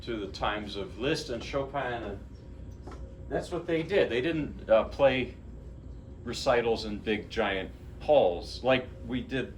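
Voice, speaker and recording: A man's voice: mid-range voice, animated, slow pace, a little hiss or hum. A man from New Jersey who plays piano chats informally between pieces in a small, living-room-like recital room. He rambles, breaks off his own sentences and keeps a lighthearted tone. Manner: chatty, rambling, self-interrupting, lighthearted. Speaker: pianist giving a lecture-recital. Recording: distant mic with faint room ambience.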